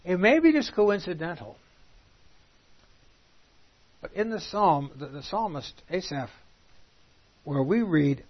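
A man leads a Bible study, reading scripture aloud with rising emphasis before breaking it down for his class. His voice sits a little high and has a husky edge. The recording is dull and lo-fi. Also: big pitch swings, moderate pace, pauses often. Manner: reads scripture aloud in King James wording, then explains; emphatic, rising on quoted lines. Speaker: Bible teacher.

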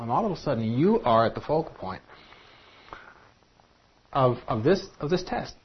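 A man preaching a sermon in an animated, emphatic way. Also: medium pitch, moderate pace, long pauses, husky. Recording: dull lo-fi recording.

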